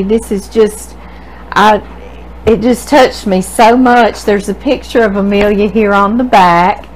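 A woman's voice: mid-range voice, slow, a little hiss or hum, poor audio. Gushing Louisiana woman host. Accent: Southern US, Louisiana. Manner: gushing, effusive, calls viewer "girl". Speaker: cooking channel host. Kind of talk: casual chat reading viewer mail to camera.

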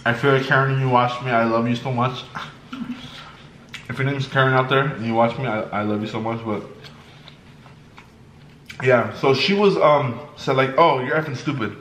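A young man vlogging while eating, telling a story in a lively way and acting out the people in it. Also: medium pitch, unhurried, long pauses. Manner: animated, acts out the people in his story. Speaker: mukbang vlogger. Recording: echoey room, faint background noise.

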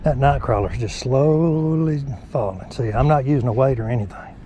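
A man hosting a fishing vlog outdoors by a lake, talking softly and folksy to his viewers. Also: mid-range voice, moderate pace, a little hiss or hum. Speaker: fishing channel host. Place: outdoors on the bank of a small neighborhood lake.

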